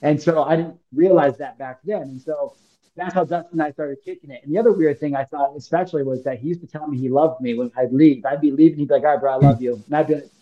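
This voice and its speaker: A man's voice: a little high, fairly even intonation, quick pace, lo-fi sound. A man in his thirties from Illinois, telling a personal story as a podcast guest in a casual, slangy, emphatic way, acting out the lines he quotes. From Illinois, United States.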